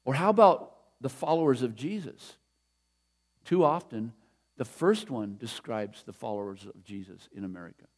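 A man's voice: medium pitch, darkish tone. A middle-aged man preaching a sermon in a conversational, emphatic way, repeating his key phrases. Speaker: pastor.

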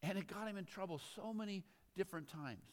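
A high-voiced male pastor reads scripture, then drifts into relaxed, conversational asides that he punctuates with chuckles. His voice carries through a hall with a long, lingering reverb. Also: quick pace. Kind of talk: sermon.

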